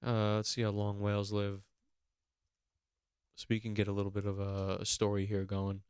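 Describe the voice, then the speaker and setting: A man hosting a podcast, going on an animated, mock-outraged comedic rant with plenty of swearing. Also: on the low side, moderate pace, clean tone, dry recording, clean studio sound. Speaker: podcast host.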